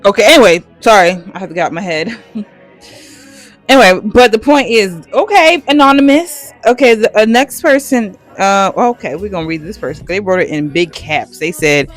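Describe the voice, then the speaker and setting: A woman vlogger talking casually and bluntly, swearing freely, reacting out loud and tripping over her words. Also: mid-range voice, expressive, moderate pace, soft background music. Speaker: vlogger reviewing products. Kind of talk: casual, unscripted review chat. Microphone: phone.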